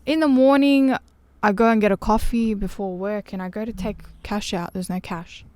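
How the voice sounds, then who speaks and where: A podcast guest in a caravan music studio chats casually and tells a story, animatedly acting out what other people said. Her mid-range voice has a clear, resonant tone at a moderate pace, with no echo.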